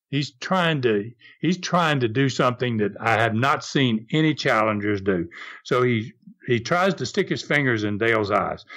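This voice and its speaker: Animated older Southern man telling stories. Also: mid-range voice. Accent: Southern American. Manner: animated, acts out shouted quotes, chuckles often. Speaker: podcast host telling wrestling stories. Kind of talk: casual storytelling.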